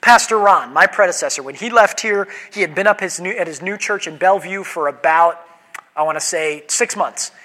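A man's voice: sits high, moderate pace, bright, forceful tone, long reverb tail. A man who is a pastor, preaching a sermon in a conversational, joking way and putting questions to his congregation.

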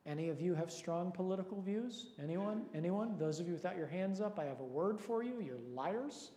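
A man's voice: high voice, expressive, fairly quick, mellow. Earnest male pastor in echoey hall. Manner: earnest, questioning, lightly joking. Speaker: pastor leading Bible study. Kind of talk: teaching sermon with prayer and questions. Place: large hall with long reverb.

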